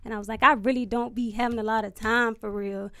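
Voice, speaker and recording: A woman telling a story in casual, profane chat, animated and laughing, acting out what people said. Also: a little high, quick pace, smooth, no room sound, studio quality. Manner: animated, profane, laughs often, acts out quotes.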